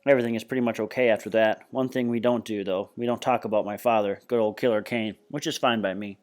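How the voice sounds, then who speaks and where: A man reading a novel aloud at a steady, plain pace. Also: fairly low pitch, quick pace. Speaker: reader.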